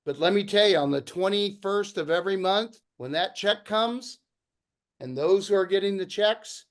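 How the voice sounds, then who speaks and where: A man's voice: sits high, normal speed. A middle-aged man hosting a video-call meeting, speaking in an enthusiastic, motivational way. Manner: enthusiastic, pep-talk delivery. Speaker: meeting host.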